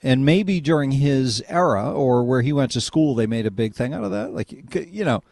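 A man's voice: medium pitch, moderate pace, darkish tone, no echo, studio quality. A man hosting a call-in radio talk show, rambling and conversational. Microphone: studio microphone.

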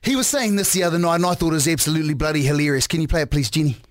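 High, chatty New radio co-host, man. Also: very fast, no echo, studio quality. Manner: chatty, rambling, fond of slang. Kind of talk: casual radio banter.

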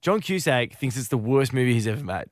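A man co-hosting a comedy radio show, teasing dryly and asking deadpan questions. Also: mid-range voice, a little fast, no echo. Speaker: radio co-host.

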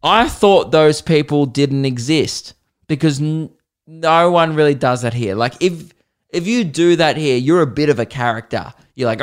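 A man's voice: fairly high pitch, a little slow. Ranting Australian man, comic podcast host. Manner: animated, exasperated ranting with swearing. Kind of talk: solo comedic rant.

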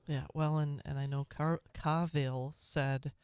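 Talk-radio co-host, man, slightly high pitch, dry close studio sound, opinionated and halting. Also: level tone, clean tone, no echo. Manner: opinionated, halting with many restarts. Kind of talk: political talk radio banter.

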